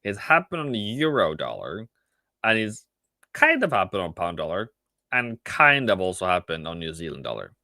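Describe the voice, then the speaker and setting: A man trader on a live stream, chatting casually about his trades with animated repeats, asides and laughs. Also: deep voice, normal speed, vocal fry, no echo.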